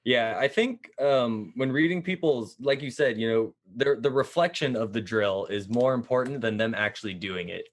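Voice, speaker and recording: A man speaking as an interview guest, talking casually and relaxed, with many fillers. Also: mid-range voice, moderate pace, hardly any pauses.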